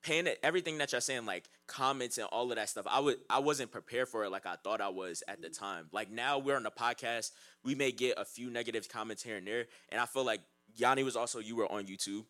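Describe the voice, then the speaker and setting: A man co-hosting a podcast in relaxed, affirming conversation. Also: mid-range voice, fairly quick, few pauses. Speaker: podcast co-host. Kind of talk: casual podcast chat.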